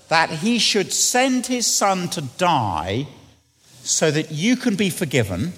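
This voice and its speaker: A middle-aged man preaching a sermon, often questioning the congregation and sinking to quiet, hushed lines. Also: fairly high pitch. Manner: asks the congregation questions, drops to quiet near-whispers. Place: church. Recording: long church reverb.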